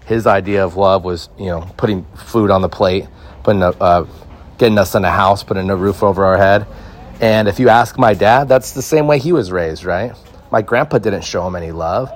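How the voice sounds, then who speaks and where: A young man hosting a solo podcast from a backyard outdoors, talking into a phone in a rambling, laid-back way and filling his speech with "like" and "right?". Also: fairly low pitch. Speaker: podcast host. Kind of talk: casual solo podcast chat.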